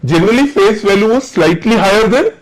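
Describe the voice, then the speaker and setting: A man's voice: sits high, lively intonation, fairly quick, low-quality recording. A man with an Indian accent, teaching a classroom lecture and often asking the students whether they are following. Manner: checks understanding with repeated questions.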